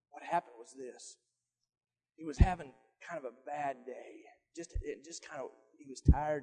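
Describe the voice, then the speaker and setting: An older man, a grandfather, preaching a folksy sermon with stories, swinging from loud emphatic lines to soft quiet ones. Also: a little high, moderate pace, breathy edge, big-room sound. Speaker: pastor.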